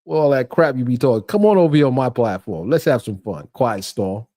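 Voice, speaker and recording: A middle-aged man hosting a livestream, ranting in a mocking, animated way with frequent laughter and repeated phrases. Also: mid-range voice, fairly quick. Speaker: livestream host. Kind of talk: casual livestream rant.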